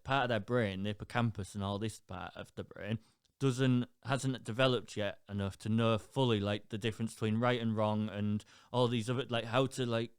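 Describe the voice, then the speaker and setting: A young man co-hosting a podcast, telling stories in an animated, casual way. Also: medium pitch, clean tone, no room sound, clean studio sound. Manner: animated storytelling, swears freely. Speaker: podcast co-host. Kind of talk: casual chat.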